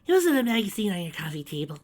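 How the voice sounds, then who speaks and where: A man's voice: sits high, very animated, racing, voice pushed up. A man voicing a knowing teenage girl who speaks in a lightly amused, matter-of-fact way.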